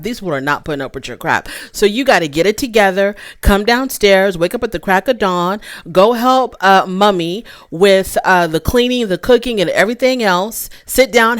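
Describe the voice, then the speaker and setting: Woman, recap host, sassy, opinionated, lowish voice, dry close recording. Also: dry recording. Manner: candid, opinionated, sassy with frequent asides. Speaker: reality show recap host. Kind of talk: casual commentary recap.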